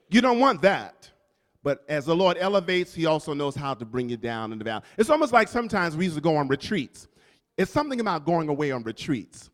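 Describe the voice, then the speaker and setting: A man's voice: on the high side, very animated, brisk. A male pastor preaching a sermon, calling out to the congregation and repeating key lines for emphasis. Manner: preaching with call-outs to the congregation. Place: church sanctuary. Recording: long reverb from a church hall.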